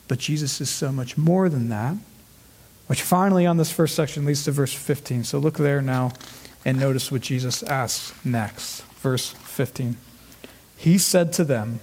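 A man's voice: on the high side, darkish tone. A male pastor preaching an earnest expository sermon, often repeating words as he stresses a point.

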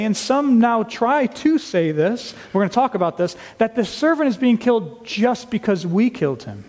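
A man's voice: high voice, a little mellow. A male pastor delivers an expository sermon with a slightly raised voice, drawing out key words to stress them. His voice carries a long reverb from a church sanctuary.

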